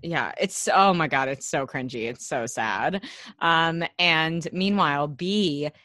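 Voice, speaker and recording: A woman co-hosting a podcast, chatting casually about a TV episode, animated and laughing, swearing freely. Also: low voice, takes it slowly. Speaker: podcast co-host. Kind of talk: casual recap chat.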